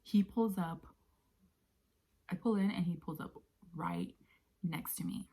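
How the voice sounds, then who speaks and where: Soft-spoken woman with a husky, breathy voice. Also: fairly low pitch, slow pace. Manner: often drops to a breathy near-whisper; conversational with many fillers like "you know". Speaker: vlogger telling a story. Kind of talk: casual storytime vlog.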